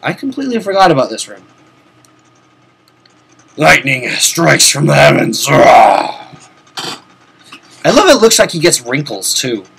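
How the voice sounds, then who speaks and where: A man hosting a video-game playthrough, chatting and rambling as he plays, swearing casually, his voice a little sore and hoarse. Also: a little high, huge pitch swings, moderate pace, pauses often, a bit bright, slight background noise. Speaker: host. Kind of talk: let's-play game commentary.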